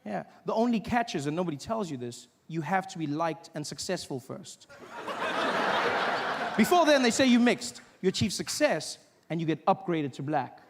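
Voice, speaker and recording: Stand-up comic from South Africa, South African accent, mid-high voice, on a stage mic with long hall reverb. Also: male voice, sing-song. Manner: storytelling with quick asides and mimicry. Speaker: stand-up comedian. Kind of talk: stand-up routine. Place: theater stage. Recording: reverberant live theater recording, faint noise.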